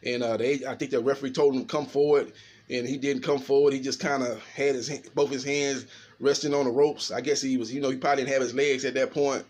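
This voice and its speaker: A middle-aged man giving casual, animated boxing analysis, talking fast and tagging his sentences with "man". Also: mid-range voice. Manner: fast, animated, filler-heavy talk with repeated "man". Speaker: boxing commentator.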